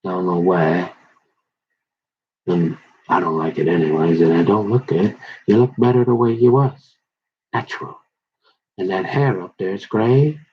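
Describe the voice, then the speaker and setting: A man's voice: deep voice, husky. A middle-aged man rambling in a folksy, confrontational monologue full of slang, recorded on a dull lo-fi mic. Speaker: vlogger.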